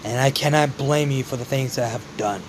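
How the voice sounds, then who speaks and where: A man voicing a gentle, regretful late father who speaks low and solemnly to his son in a fan-made story. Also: brisk, background noise, close to an everyday voice.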